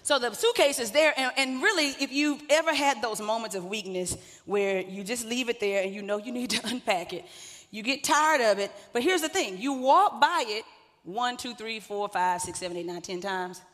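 A woman's voice: on the high side, moderate pace, fairly bright tone. A woman pastor, preaching a sermon in a conversational way, with joking asides to the congregation. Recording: long hall reverb.

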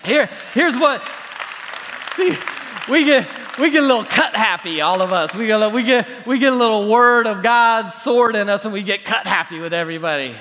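A man preaching a sermon from a church stage, lively and sometimes mocking showy prayer habits. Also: high voice, normal speed, a faint crowd, slight background noise. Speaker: pastor. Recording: reverberant hall.

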